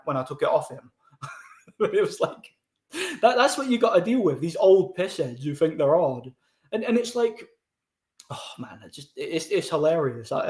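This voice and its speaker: A young man with a fairly high voice tells a story in a casual, rambling way, stumbling over repeated words and laughing as he goes. He sounds like he's in an echoey room. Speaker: streamer.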